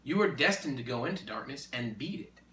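A man preaching in a conversation, emphatic and repetitive, building to forceful exhortation. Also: mid-range voice, lively intonation, fairly quick, slight background noise. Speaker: Christian speaker. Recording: echoey room, distant mic.

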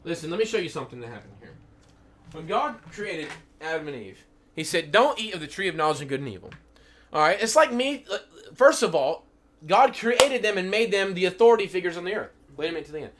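A man's voice: high-pitched, expressive, fairly quick, a bit bright, slight background noise. A man in his thirties teaching from the Bible to a small group, emphatic and full of questions to his listeners. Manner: emphatic, repeatedly calls for attention, asks the listeners questions.

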